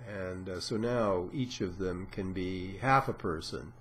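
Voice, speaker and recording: Unhurried man giving a lecture. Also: sits low, fairly bright tone, slight background noise. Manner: explanatory, unhurried, many "uh" and "um" pauses; acts out patient dialogue in a raised voice. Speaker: lecturer on psychoanalysis. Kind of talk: informal lecture.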